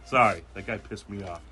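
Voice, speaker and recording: Lively, bright-voiced male podcast host. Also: lowish voice, slightly rough. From New England. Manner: animated storyteller, acts out quotes, laughs often. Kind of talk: casual podcast chat.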